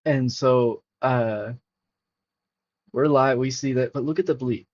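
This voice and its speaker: Profane excitable man streaming crypto charts. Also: medium pitch, slow pace. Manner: profane, excitable, talks to chat. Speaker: crypto livestream host. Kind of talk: casual livestream chart commentary. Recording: dull lo-fi stream audio.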